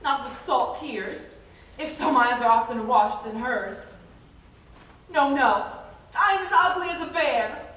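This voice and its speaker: Woman doing a heartsick girl, high pleading voice, big echoey room, far from the mic. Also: lively intonation, a little slow, fairly bright tone. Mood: forlorn. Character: lovesick, self-pitying young woman. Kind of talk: live stage play. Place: school auditorium stage.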